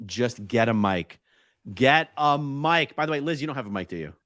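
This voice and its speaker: A man co-hosting a casual live stream, reading viewer comments aloud and thinking out loud. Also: mid-range voice, animated, normal speed, no echo, clean studio sound. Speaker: co-host reading chat questions.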